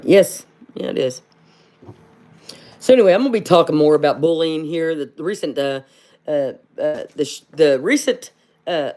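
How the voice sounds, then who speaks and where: A woman from hosting a casual livestream and answering viewer comments. She speaks bluntly, fills pauses with "uh", and calls everyone "honey". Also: low-pitched, darkish tone. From southern Ohio. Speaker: livestream host.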